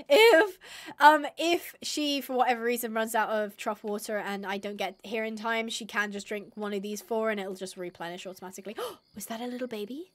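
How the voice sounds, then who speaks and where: Young female streamer, high-pitched, excitable, casual live chatter with squealing bursts. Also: brisk. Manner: excitable, squealing bursts, reads chat aloud.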